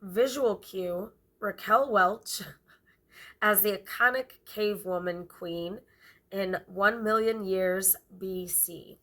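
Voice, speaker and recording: A woman vlogger reading a memoir aloud as an amateur, halting now and then to stumble and correct herself. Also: mid-range voice, a bit bright. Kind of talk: amateur read-aloud of a book.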